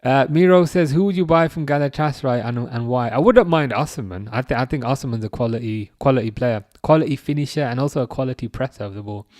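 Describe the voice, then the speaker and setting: Young male streamer, casual live match reaction, reads chat aloud, dry close-mic sound, mid pitch. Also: dry recording. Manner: chatty, reads chat messages aloud, bursts of excitement at chances. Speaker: watchalong streamer.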